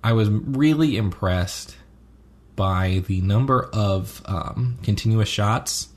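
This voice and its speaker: A man with a fairly low voice chats casually as a podcast co-host, picking apart a TV episode. He rambles along, stopping for ums and correcting himself as he goes. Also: slow. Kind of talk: casual chat reviewing a TV episode.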